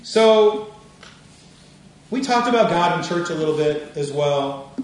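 A man's voice: on the high side, animated, measured pace, recorded from a distance, a little hiss or hum. Man preaching in an echoey room. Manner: conversational, laughing storyteller. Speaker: minister. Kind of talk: sermon with personal story.

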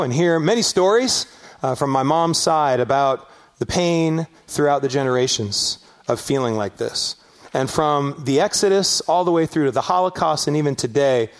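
His sermon story climbs in animated rises toward shouted peaks as this middle-aged pastor from the Los Angeles area preaches. He speaks at normal speed in a slightly high voice.

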